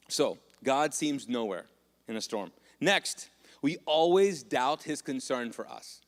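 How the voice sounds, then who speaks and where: A man's voice: mid-range voice, lively intonation, slow. Playful preacher man in an echoing church. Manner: conversational, playful, asks the congregation questions. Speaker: pastor. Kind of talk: sermon. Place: church hall. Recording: long church reverb.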